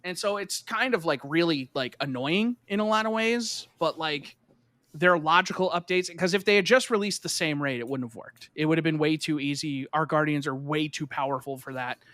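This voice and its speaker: A man with a high, bright, fairly sharp voice chats casually on a gaming podcast. He rambles with plenty of filler words and curses, and turns heated and emphatic when something bothers him. The sound is close and dry. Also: normal speed, no echo. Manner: rambling, full of "like" and swearing. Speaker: podcast co-host.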